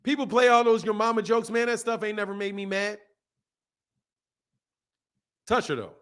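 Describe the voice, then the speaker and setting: High-voiced, slangy man. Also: quick pace, clean tone. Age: adult, a father. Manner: slangy, animated, laughs often. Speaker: boxing channel host. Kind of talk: casual livestream chat.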